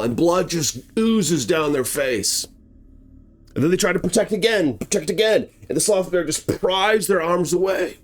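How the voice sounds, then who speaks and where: A man hosting a horror channel, giving a dramatic retelling of a true bear attack and acting out the action with sound words and shouts. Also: a little high.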